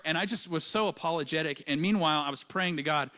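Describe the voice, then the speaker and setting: A man preaches a church sermon, telling stories with lively swings from soft and low to loud and high. His voice sits high for a man. The tone is bright and forward. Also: fast talker, few pauses. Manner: animated storytelling, dramatic swings of pitch and loudness. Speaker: pastor. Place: church auditorium.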